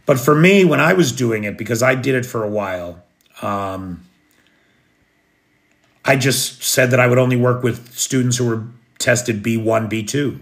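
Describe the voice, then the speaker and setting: A man's voice: medium pitch, moderate pace. An American man hosting a late-night livestream, chatting casually and answering viewer comments in a rambling way. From United States. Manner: rambling, chatty, restarts and fillers. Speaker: livestream host. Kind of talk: casual live chat reading comments. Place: living in Kyiv, recording at home at night.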